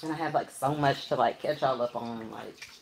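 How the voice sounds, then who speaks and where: Young woman, livestream vlogger; low, slangy, candid, swears a lot. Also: normal speed, vocal fry, slight background noise. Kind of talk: casual livestream chat. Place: at home.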